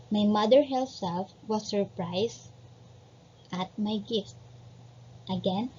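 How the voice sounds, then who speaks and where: A woman's voice: medium pitch, darkish tone, slight background noise. A woman teacher giving a grammar lesson, patiently explaining and repeating each example, checking in with frequent "okay"s. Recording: slightly dull lo-fi recording.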